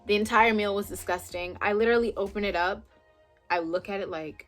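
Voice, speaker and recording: A young woman talks straight to her viewers in a casual, storytelling way, voicing her own past lines with blunt, frank energy. Her pitch sits mid-range for a woman, and faint music plays underneath. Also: a little fast. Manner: animated retelling with quoted dialogue, frank and blunt. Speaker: vlogger.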